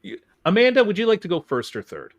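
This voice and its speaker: A man hosts a podcast in a chatty, casual way and walks the guests through the rules of a game. His pitch rises and falls a lot as he talks. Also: huge pitch swings, fast, lo-fi sound. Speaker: podcast host. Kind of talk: casual chat, hosting a game.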